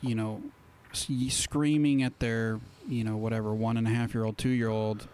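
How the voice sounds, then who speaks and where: A man's voice: fairly low pitch, level tone, normal speed, darkish tone. Thoughtful man with faint background hiss. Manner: thoughtful, explaining, many short agreeing replies. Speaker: podcast co-host. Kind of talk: casual chat.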